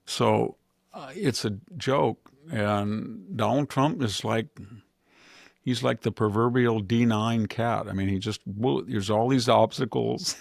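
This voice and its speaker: A man's voice: medium pitch, slow, gravelly, no echo, studio quality. A man hosting a podcast, giving rambling, sardonic political commentary and slipping into mocking impressions. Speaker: podcast host.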